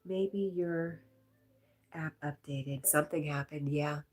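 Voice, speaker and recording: Low-voiced woman chatting on a live stream. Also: fairly even intonation, takes it slowly. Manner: chatty, reads viewer comments aloud, laughs often. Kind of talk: casual live-stream chat reading comments.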